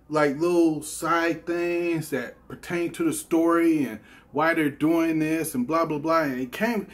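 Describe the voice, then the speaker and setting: Rambling, apologetic man. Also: a little high. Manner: rambling, apologetic, many fillers and restarts. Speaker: gaming channel host. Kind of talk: casual talk to camera.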